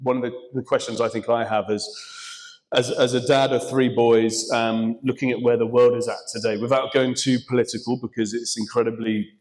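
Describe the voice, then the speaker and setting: A man's voice: mid-range voice, level tone, a little fast, a little mellow, rough recording. Chatty man interviewing a guest. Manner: chatty, hesitant, full of restarts. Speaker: church interviewer. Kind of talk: casual onstage interview.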